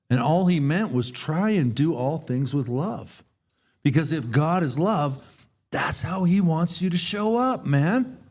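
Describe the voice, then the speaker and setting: A man co-hosting a recovery podcast, telling a personal story in an earnest, casual way and acting out the people he quotes. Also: fairly high pitch. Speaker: podcast co-host.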